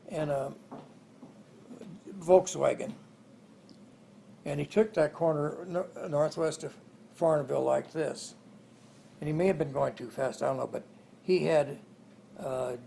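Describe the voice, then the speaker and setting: Gravelly older man telling family stories. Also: on the high side, dark tone, slight background noise. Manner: rambling, chuckling as he tells stories. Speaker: interviewee. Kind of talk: oral history storytelling.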